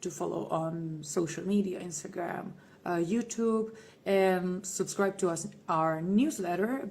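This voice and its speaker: A woman answering fan questions on a livestream, playful and theatrical, calling listeners "my dear" and often dropping into a hushed whisper. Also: mid-range voice, measured pace, a little hiss or hum. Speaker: band member answering fans on a livestream. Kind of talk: casual live Q&A reading fan comments.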